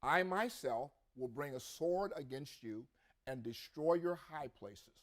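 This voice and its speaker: A man's voice: fairly high pitch, expressive, slow. A man co-hosting a religious podcast, reading scripture aloud with rising emphasis and adding his own comments. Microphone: podcast mic.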